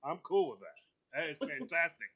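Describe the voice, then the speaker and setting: A man's voice: fairly high pitch, moderate pace, breathy edge, highs cut off. A man hosting a radio show, chatting casually and telling a long story, acting out the lines of the people in it. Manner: animated storyteller, acting out quoted voices. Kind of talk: casual chat on a call-in show.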